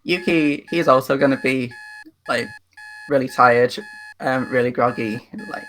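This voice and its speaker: A man's voice: mid-range voice, huge pitch swings, measured pace, fairly bright tone, slight background noise. A man giving casual interview answers in a hesitant way, often repeating his words. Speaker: interviewee and player.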